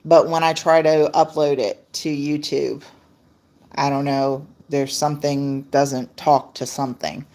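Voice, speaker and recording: A woman talks slowly and casually to viewers over a laptop mic, greeting them by name. Her voice sits low for a woman, and she laughs easily between stories. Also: level tone, mellow. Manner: chatty, reads viewer comments aloud, laughs often. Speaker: livestream host. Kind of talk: casual livestream chat with viewers.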